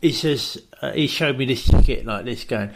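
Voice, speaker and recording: A man's voice: mid-range voice, moderate pace, noisy background. A man co-hosting a podcast, telling a rambling comic story and checking in with "right?". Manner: rambling, keeps saying "right?". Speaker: podcast co-host.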